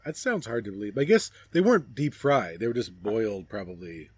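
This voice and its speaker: A man's voice: fairly low pitch, lively intonation, fairly quick, breathy edge, no room sound. Rambling middle-aged man, dry sound. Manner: rambling, joking, trails off. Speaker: podcast co-host. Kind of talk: casual chat. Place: outdoors at a backyard gathering.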